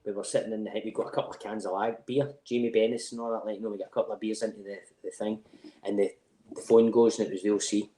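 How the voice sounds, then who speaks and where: A man's voice: on the low side, level tone, fast talker, warm tone, reverberant. A middle-aged Scottish man telling stories in casual chat, swearing freely and laughing through them. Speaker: podcast guest.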